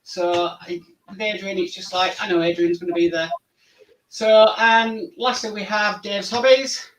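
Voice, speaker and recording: A man's voice: high voice, fairly even intonation, measured pace, a bit bright, far from the mic, low-quality recording. Rambling male host a bit off-mic. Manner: rambling, friendly, many fillers. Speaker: host of a model-building live show. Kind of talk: casual live-stream chat. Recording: voice somewhat off-mic.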